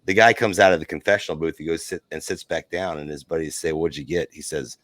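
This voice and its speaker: A man's voice: rumbling low, steady tone, fast, fairly bright tone, dry recording. A man on a podcast, talking emphatically and giving firm opinions in casual chat.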